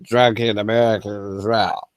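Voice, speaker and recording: A man in a casual online voice chat, rambling and swinging between flat and animated talk. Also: fairly low pitch, normal speed, crowd noise.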